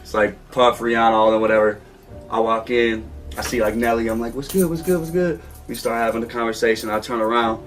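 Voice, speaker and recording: A man's voice: on the low side, fast, recorded from a distance, soft background music. A man telling a story as an interview guest, casual and slangy, acting out what people said. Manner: animated, acts out quotes, slangy.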